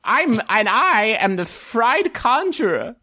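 A man's voice: very high voice, very animated, slow, bright, forceful tone, pitched above the performer's own voice, heavily acted. A man voicing a cheerful dwarven woman who conjures and fries food, with an eager, sing-song delivery.

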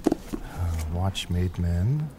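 A man's voice: deep voice, expressive, drawn-out words, very noisy. A man improvising playfully as a player in a comedy tabletop game.

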